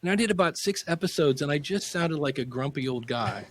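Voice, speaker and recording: A middle-aged man, a podcasting teacher, telling anecdotes in a casual interview and acting out quotes with sudden pitch jumps. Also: expressive, a little fast, slight background noise.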